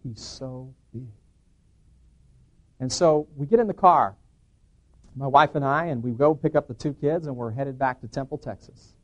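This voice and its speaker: A man's voice: medium pitch, normal speed, fairly bright tone. A middle-aged man telling a personal testimony to an audience as an earnest storyteller who acts out the dialogue he quotes. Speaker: preacher giving a personal testimony.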